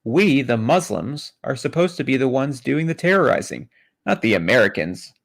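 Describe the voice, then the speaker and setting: Brief: frightened fleeing man, flat reading by a man, gravelly, no accent. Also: mid-range voice, moderate pace. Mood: distraught. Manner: flat read-aloud, no put-on accent.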